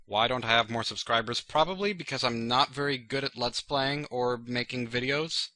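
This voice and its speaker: Chatty man with a very bright voice. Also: medium pitch, normal speed, no room sound. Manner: rambling and chatty, full of "like" and "you know". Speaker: channel host answering viewer questions. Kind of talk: casual chat.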